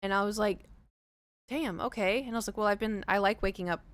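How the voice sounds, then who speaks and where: A woman streamer chatting casually to her viewers from home, telling a story in an animated way and acting out the quoted lines. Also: medium pitch, very fast, clear, resonant tone, dry recording. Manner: animated, acts out quoted dialogue. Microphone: streaming desk mic.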